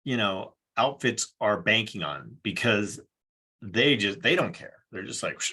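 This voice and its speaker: Bright-voiced, easygoing man co-host. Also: fairly low pitch, lively intonation, unhurried, slightly rough. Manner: easygoing, rambling with fillers. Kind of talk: casual chat.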